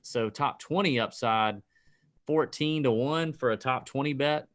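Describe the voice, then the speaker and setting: Animated ranting man on a podcast. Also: mid-range voice, measured pace. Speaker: podcast co-host. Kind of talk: casual betting podcast chat.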